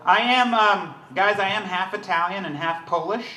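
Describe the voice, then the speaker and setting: A man's voice: high voice, normal speed, far from the mic. A man from the United States doing a self-deprecating stand-up set. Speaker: stand-up comedian. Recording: echoey room with clear background noise.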